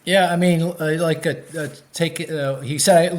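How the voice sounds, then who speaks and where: Animated economist, lively pitch. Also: male voice, measured pace, few pauses. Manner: animated, thinks aloud with fillers and restarts. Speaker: economist guest. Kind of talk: podcast interview.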